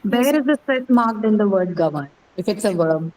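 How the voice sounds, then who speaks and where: A woman's voice: medium pitch, animated, normal speed, a little mellow, slight background noise, low-quality recording. A woman teaching a classroom lesson, asking questions and checking in with "right?" as she explains. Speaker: English teacher. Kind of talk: classroom lecture.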